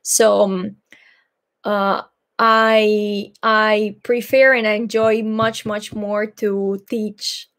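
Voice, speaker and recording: A young woman from Greece speaks English, taking her time over each answer. She hosts a live Q&A in a thoughtful, slightly shy way, pausing often on fillers and speaking at an unhurried, slow pace. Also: medium pitch. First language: Greek. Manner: hesitant, thoughtful, a little shy, many fillers. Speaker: Greek teacher and channel host.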